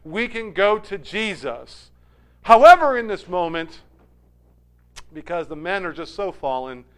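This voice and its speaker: High, smooth-voiced male preacher. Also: a bit bright. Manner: dramatic retelling, voice rising to emphasis and dropping low. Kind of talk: sermon.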